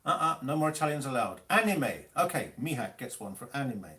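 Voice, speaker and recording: A man teaching music, hosting a live online quiz, reading out Italian terms slowly and teasing players about their spelling and the rules. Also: medium pitch, big pitch swings, sharp tone.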